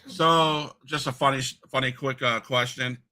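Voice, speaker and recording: A man's voice: medium pitch, steady tone, moderate pace, pushed and bright, poor audio. A man hosting a podcast interview, asking long rambling questions with many restarts. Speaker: podcast host. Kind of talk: interview conversation.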